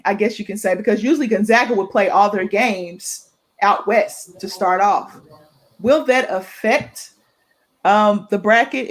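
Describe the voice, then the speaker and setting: A young woman on a sports talk panel, speaking hesitantly with frequent fillers. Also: medium pitch. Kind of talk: casual sports chat.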